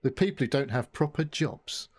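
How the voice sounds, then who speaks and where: A man chatting on a podcast, scornful and sweary in his quick interjections. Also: mid-range voice, animated, a little mellow. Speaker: podcast guest. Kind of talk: casual chat.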